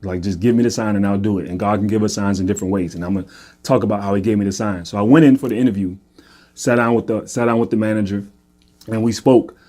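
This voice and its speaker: A man tells a personal testimony in an earnest, conversational way. His voice sits low and sounds warm and mellow. He often stumbles, repeats words and checks in with listeners. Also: steady tone, fast talker. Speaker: podcast host telling a personal faith story. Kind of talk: casual testimony monologue.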